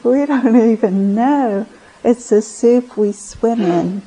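A woman meditation teacher speaking slowly and unhurriedly in a gentle, reflective dharma talk. Her voice is warm and mellow, and she often pauses and restarts her phrases. She is talking at a retreat center. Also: a little high, husky, rough recording.

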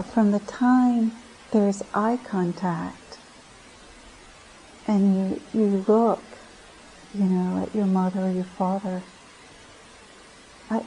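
A woman meditation teacher giving a gentle, reflective dharma talk at a retreat center, often pausing and restarting her phrases. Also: mid-range voice, slight background noise, rough recording.

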